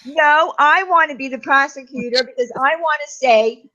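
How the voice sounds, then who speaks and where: A woman's voice: high voice, normal speed, few pauses, bright, forceful tone. A woman panelist joining over a video call, opinionated and explaining her points firmly. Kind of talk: casual panel chat. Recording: dull, muffled video-call audio.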